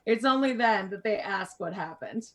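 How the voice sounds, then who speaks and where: A woman narrating as game master of a tabletop game, calm and measured with small fillers. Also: medium pitch.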